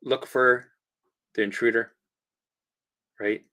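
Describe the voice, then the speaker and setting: A man hosting a casual livestream, coaching viewers through exercises in an animated, chatty way with the odd swear word. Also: mid-range voice, moderate pace, long pauses. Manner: guides listeners through exercises. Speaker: host and recovery coach.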